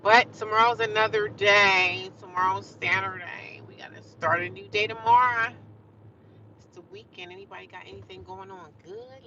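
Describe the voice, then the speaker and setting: A woman's voice: medium pitch, normal speed, a crowd in the background. A woman chatting on a livestream, encouraging and preachy, talking straight to her viewers. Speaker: livestreamer sharing her life. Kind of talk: casual motivational livestream chat. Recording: distant, dull mic with loud traffic noise.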